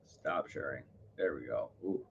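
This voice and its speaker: A man's voice: a bass voice, measured pace, gravelly, muffled recording. A man chatting casually on a live stream, rambling, full of fillers and self-corrections. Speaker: livestreamer.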